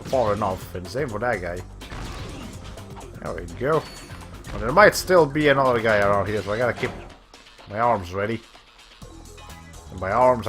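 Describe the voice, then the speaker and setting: A man with a lowish, fairly bright voice streams a video game in casual let's-play commentary. Losing his voice, he rambles and thinks aloud while playing, swearing casually.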